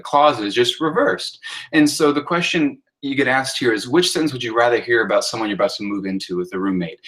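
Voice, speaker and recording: A man, a writing instructor, giving a recorded lecture on sentence style. He talks through slides casually with many fillers and reads example sentences aloud in a raised, animated voice. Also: mid-range voice, low-quality recording. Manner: conversational teaching with many fillers, acting out example sentences in a lifted voice.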